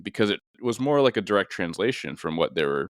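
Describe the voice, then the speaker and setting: A man's voice: low-pitched, sing-song, fast talker, no echo, clean studio sound. A man hosting a casual interview conversation, a police officer, thoughtful and rambling with many fillers. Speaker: podcast host and police officer.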